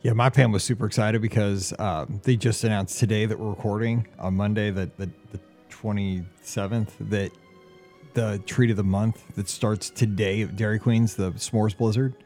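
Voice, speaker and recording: A man's voice: lowish voice, steady tone, normal speed, darkish tone, faint music behind. A man hosting a podcast, chatting casually and reading listener emails aloud. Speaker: podcast host.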